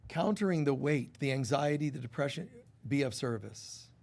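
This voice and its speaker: A man giving a lively spiritual sermon at a church service, often acting out quoted voices. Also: mid-range voice, normal speed, gravelly. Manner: animated, acts out quoted voices. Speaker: spiritual teacher. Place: church hall.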